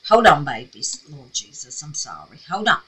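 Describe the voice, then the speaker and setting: A woman's voice: sits low, very animated, normal speed, fairly bright tone. A Southern woman with a scratchy voice chatting casually through a crafting tutorial at home, talking to herself and calling viewers babies. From Mississippi, USA. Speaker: craft vlogger. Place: home craft room with air purifier.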